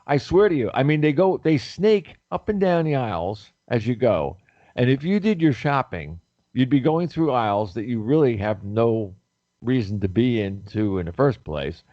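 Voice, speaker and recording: A man telling an animated story in casual talk-show chat, acting out the people he quotes. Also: medium pitch, normal speed, no room sound. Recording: dry, dull lo-fi audio.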